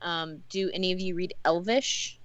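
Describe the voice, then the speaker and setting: A woman narrates a tabletop game in a lowish voice, pausing often with fillers. The sound is dry and close, with no room around it. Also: a bit bright, no echo. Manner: hesitant, many fillers. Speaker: game master.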